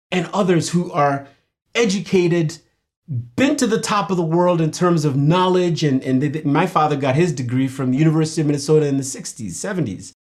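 Middle-aged man from Nigeria, guest, lively storyteller with a slightly high voice. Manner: animated and storytelling, laughs often. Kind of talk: casual interview.

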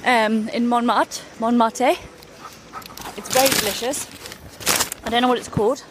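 A woman's voice: fairly high pitch, steady tone, normal speed. A woman, talking casually to camera as she walks through city streets, chatty and blunt with plenty of swearing. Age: 40s. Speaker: travel vlogger. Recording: phone audio with traffic noise. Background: street traffic.

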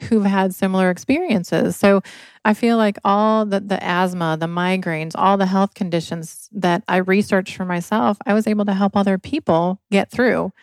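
A woman's voice: medium pitch, fairly even intonation, normal speed, dry recording. A woman from Michigan, an interview guest, telling her life story earnestly and with emotion. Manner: earnest, emotional, acts out quoted voices. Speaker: podcast guest, inventor.

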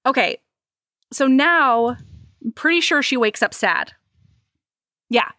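A woman co-hosting a casual chat, recapping a story with quick acted-out lines and some swearing. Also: high voice, no room sound, clean studio sound. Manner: animated, swearing, acts out lines in quick voices. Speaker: podcast co-host.

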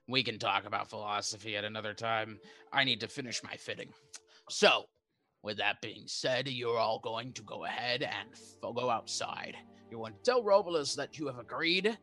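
Guy gm narrating a tabletop game, bright voice, joking around, light music behind. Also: mid-range voice. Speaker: game master.

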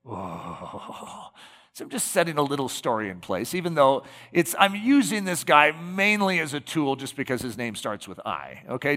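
In a large hall, a man preaches a sermon conversationally, often checking in with the congregation through tag questions like "okay?" and "right?". His voice runs on the high side, bright and forceful.

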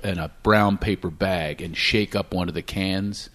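A man's voice: low-pitched, steady tone, a little slow, fairly bright tone. A man hosting a casual chat and telling rambling, eager anecdotes.

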